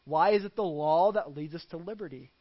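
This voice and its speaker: A man's voice: fairly high pitch, a little fast, muffled recording. A man preaching a sermon as pastor, earnest and fond of rhetorical questions.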